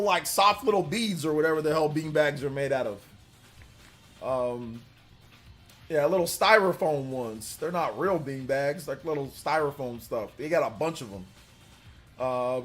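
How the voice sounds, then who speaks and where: High-voiced young man telling stories on stream. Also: fairly bright tone. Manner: rambling storyteller, reads out donations. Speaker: livestream host. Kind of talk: casual livestream chat.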